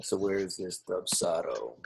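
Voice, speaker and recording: A man's voice: low-pitched, expressive, measured pace, vocal fry, a little hiss or hum. A man teaching marketing sales on a video call, earnest and explaining step by step. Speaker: marketing instructor. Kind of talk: teaching sales with role-play.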